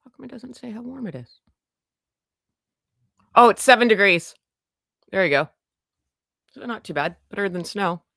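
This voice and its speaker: A woman from Canada hosting a casual livestream from home, chatty and self-deprecating, greeting viewers by name in a loud voice. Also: fairly low pitch, vocal fry, dry recording, clean studio sound. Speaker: livestream host. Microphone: desk microphone.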